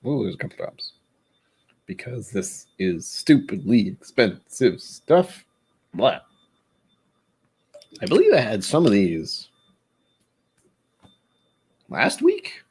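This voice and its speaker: A man's voice: fairly low pitch, darkish tone. A man hosting a casual whiskey tasting vlog, chatty and rambling, who stumbles over words when he reads aloud. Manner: rambling, chatty, self-deprecating. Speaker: whiskey channel host.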